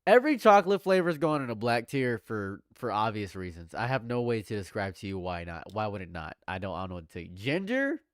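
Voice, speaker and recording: Man streaming loud-then-mumbled commentary. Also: animated, quick pace, hardly any pauses, clean tone, no echo, studio quality. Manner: swings between loud exclamations and low mutters; repeats phrases, banters with chat. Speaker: livestream commentator. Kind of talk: live reaction commentary.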